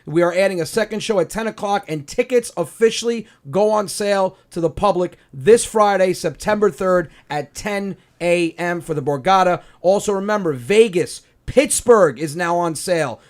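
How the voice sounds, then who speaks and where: A man's voice: high-pitched, normal speed, hardly any pauses. A man with a New York accent hosting a comedy podcast, chatting loosely and telling stories with lots of fillers. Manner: animated, rambling storytelling with fillers. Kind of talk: casual comedy podcast chat.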